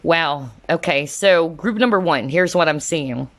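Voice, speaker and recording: A woman whose voice is low-pitched yet a bit bright reads tarot for her viewers at a measured pace. She is casual, earnest, and emotional, clearly moved, and fills her talk with "kind of, like" and "you know."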